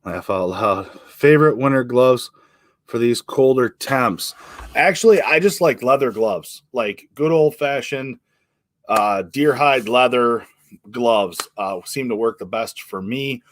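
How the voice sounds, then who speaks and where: A man's voice: medium pitch, takes it slowly. Rambling man hosting a live chat. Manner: relaxed, rambling, many fillers and restarts. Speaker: livestream host. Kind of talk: casual live chat reading comments.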